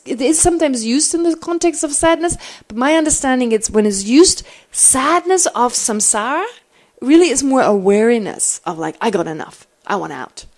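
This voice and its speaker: Animated woman teaching, lively pitch. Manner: animated, thinks aloud with restarts. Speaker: Buddhist teacher. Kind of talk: answering questions in a teaching.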